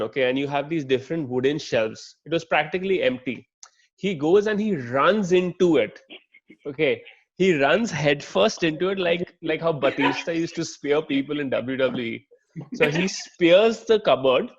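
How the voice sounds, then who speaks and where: A man's voice: fairly high pitch, animated, normal speed. A young man in a casual podcast chat who talks reflectively and keeps checking in with "right?" and "okay?". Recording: dull lo-fi sound.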